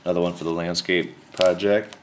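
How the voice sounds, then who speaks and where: A man chatting casually to camera about his collection, rambling and relaxed, with plenty of slang and fillers. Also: low-pitched, fairly quick, heavy background noise. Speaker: card collector showing his mail returns.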